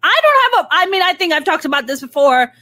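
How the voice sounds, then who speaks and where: A woman's voice: extremely high pitch, sing-song, fast, pushed and bright, no echo. A woman hosting a casual interview who talks bluntly and animatedly and swears freely. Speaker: podcast host.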